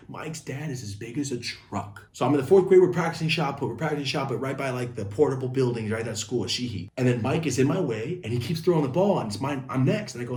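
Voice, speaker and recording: A young man telling a casual story-time video, animated, speaking straight to his viewers. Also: medium pitch, reverberant.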